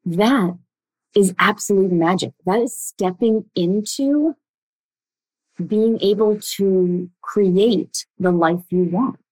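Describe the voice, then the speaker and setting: A young woman coaching listeners on relationship patterns in a blunt, emphatic way, with sudden shifts between quick bursts and slow, drawn-out words. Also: mid-range voice, a little mellow, rough recording. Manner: blunt, emphatic, speeds up and slows down a lot. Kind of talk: direct-to-listener coaching talk.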